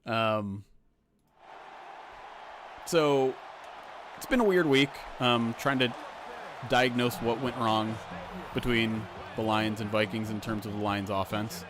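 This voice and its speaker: Low-voiced man chatting on a livestream. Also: steady tone, slow, long pauses, noisy background. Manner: rambling, conversational, drops casual swears. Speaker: sports reporter hosting a livestream. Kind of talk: casual livestream chat.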